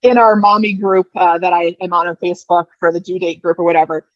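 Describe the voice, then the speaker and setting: A woman's voice: lowish voice, fast, dry recording, muffled recording. A woman in her thirties, a podcast guest, telling a personal story in a casual way and acting out the lines people said. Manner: lively retelling, acting out quoted lines.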